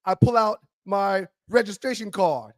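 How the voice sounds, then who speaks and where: A man co-hosting a talk show, telling an animated story and acting out a shouting cop. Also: high-pitched, unhurried, no room sound. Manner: acts out a cop's voice, loud and shouting.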